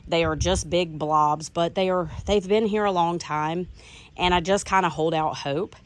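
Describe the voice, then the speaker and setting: A middle-aged woman with a Southern US accent talks her way around her garden outdoors, gushing over each bloom in a chatty, enthusiastic way. Her voice sits a little low. A faint hum of outdoor ambience stays behind her. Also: measured pace. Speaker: garden vlogger. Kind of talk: casual garden tour narration.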